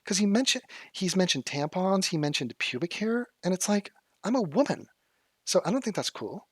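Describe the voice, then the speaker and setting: A whiny, sighing young woman with a fake, huffy tone, as a man mocks her. The voice sits high and breathy, nagging through each line. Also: very animated, moderate pace, no room sound, clean studio sound, heavily acted. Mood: mocking. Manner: mocking, sighing, breathy put-on.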